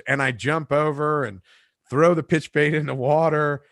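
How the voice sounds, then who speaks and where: A man hosting a relaxed talk show, telling fishing stories in an easy, conversational way. He gets animated when he acts out the moments he recounts. The recording is close and dry, with no room echo. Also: on the high side, normal speed. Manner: animated storyteller, acts out shouts and quotes. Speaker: podcast host and fishing captain. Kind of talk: casual chat, storytelling.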